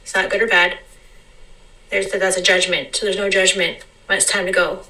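Bright-voiced woman musing off the cuff. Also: medium pitch, little pitch movement, far from the mic, low-quality recording. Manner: meandering, repeats phrases, slows down to stress words. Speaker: vlogger. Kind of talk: unscripted reflective monologue.

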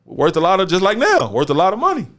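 A man hosting a casual podcast chat, talking in an animated way and firing off rhetorical questions. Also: sits high, quick pace. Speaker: podcast host.

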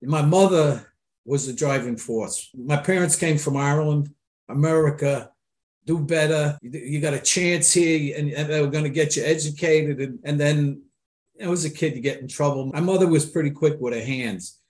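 A man's voice: a little high, moderate pace, darkish tone. An older man hosting an interview, telling family stories in a folksy, anecdotal way. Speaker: host. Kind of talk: casual interview talk.

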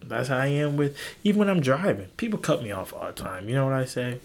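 A young adult man hosting a podcast, talking in a casual, rambling monologue. He swears freely, and his voice jumps high in disbelief. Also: animated, normal speed. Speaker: podcast host.

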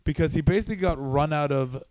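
A man's voice: fairly high pitch, fast talker, darkish tone, slight background noise. A young man co-hosting a casual podcast from a living room, teasing his friend and swearing as he jokes. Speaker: podcast co-host.

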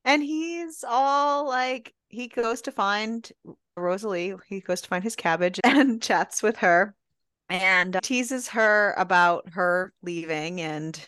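A woman's voice: mid-range voice, takes it slowly, a bit bright, smooth, no room sound, studio quality. A woman co-hosting a casual book-club podcast, animatedly retelling scenes and acting out the characters' lines. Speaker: podcast co-host.

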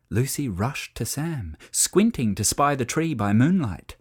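A storyteller reading a children's story aloud in an expressive, animated way. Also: mid-range voice, measured pace, hardly any pauses, husky.

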